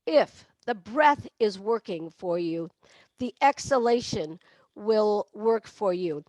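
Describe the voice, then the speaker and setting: A woman's voice: mid-range voice, lively intonation, slow pace, a little mellow, dry recording. A woman leading a singing lesson on breathing, demonstrating with barks, meows and sung laughs. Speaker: vocal coach. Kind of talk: online voice lesson.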